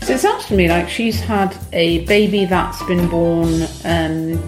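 A woman playing a prim, deadpan agony aunt who speaks matter-of-factly with hesitant fillers, heard in a played clip. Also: on the low side, measured pace, close to an everyday voice. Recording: clip with roomy echo and music.

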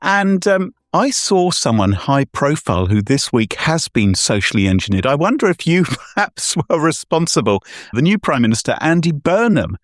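Playful, lively-voiced man hosting a podcast. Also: on the high side, normal speed, no echo, clean studio sound. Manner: playful, jokey, laughs often. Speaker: podcast host. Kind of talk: casual chat.

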